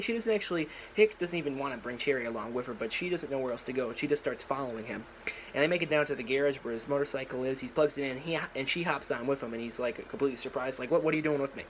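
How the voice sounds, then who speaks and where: A young man rambles through a story idea, full of fillers and quick restarts. He slips into characters' lines now and then as he talks into a propped-up phone. A faint hiss sits under his voice. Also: medium pitch, low-quality recording. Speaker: vlogger.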